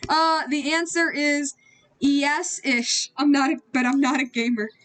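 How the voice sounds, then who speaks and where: A woman's voice: sits high, steady tone, a little slow, fairly bright tone, slight background noise. A young woman chatting casually while she draws, rambling, giggling and using slang. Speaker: artist streaming while drawing. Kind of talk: casual chat while drawing.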